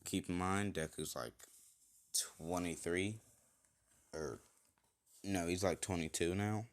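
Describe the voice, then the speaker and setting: A man's voice: deep voice, steady tone, slow. A man casually retelling an improvised fan story, rambling with many fillers and self-corrections.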